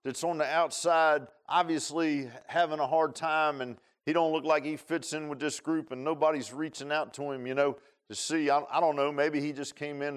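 A man preaching to his congregation in a relaxed, folksy way, leaning on homespun grammar and everyday asides. He tells a long personal story the way a country preacher might from the pulpit. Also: medium pitch. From Northern Virginia. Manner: folksy storytelling with Southern-style colloquial grammar.

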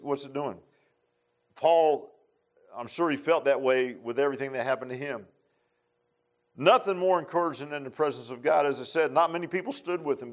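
Casting note: middle-aged male preacher, somewhat high voice, folksy and rambling, informal sermon. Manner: folksy, rambling, repeats phrases and says "man" often.

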